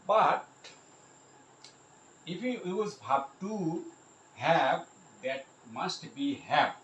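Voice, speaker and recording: A man teaching English grammar, repeating each example sentence slowly and addressing his viewers directly. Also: a little high, lively intonation, fairly bright tone, reverberant, highs cut off, a little hiss or hum. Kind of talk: grammar lesson.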